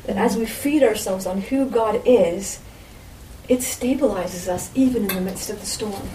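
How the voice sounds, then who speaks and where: A woman's voice: medium pitch, moderate pace, mellow. A woman giving an informal sermon as a Bible teacher, with a conversational manner and frequent asides to her listeners. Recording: roomy echo, distant mic, faint background noise.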